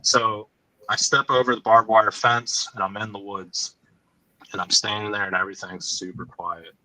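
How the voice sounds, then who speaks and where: A man telling a woodland encounter story on a podcast, halting and full of fillers, sometimes choked up and dropping quiet. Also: on the low side, flat delivery, dry recording, poor audio. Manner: halting, frequent "like" fillers, drops to quiet asides.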